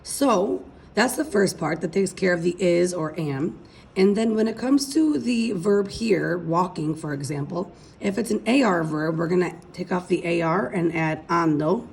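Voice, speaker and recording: A woman's voice: on the low side, animated, measured pace, creaky, darkish tone. Woman, teacher, recorded lesson, patient step-by-step explaining, faint background hiss. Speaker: Spanish teacher.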